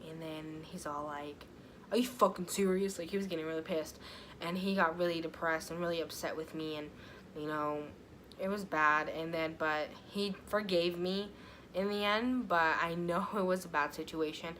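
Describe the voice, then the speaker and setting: Young female vlogger, lower voice, rambling storytime delivery, faint hiss. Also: steady tone, normal speed, fairly bright tone, poor audio. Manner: chatty, filler-heavy, swears freely. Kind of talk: casual storytime vlog. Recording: faint background noise.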